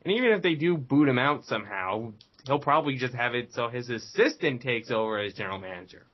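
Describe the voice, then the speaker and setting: A man's voice: mid-range voice, lively intonation, fast talker. A man on a podcast in casual chat, making reasoned, questioning remarks. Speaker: podcast co-host. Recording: dull lo-fi audio.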